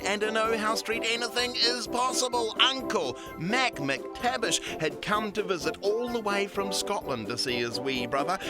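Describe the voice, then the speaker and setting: Children's story narrator, playful, animated, bouncy pitch, music behind.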